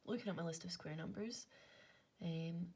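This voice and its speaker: A woman's voice: lowish voice, moderate pace, vocal fry, a little mellow, slightly rough. A young Scottish woman with an Inverness accent, working through maths aloud in a casual way and muttering to herself between half-whispered asides. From Scotland. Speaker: maths content creator.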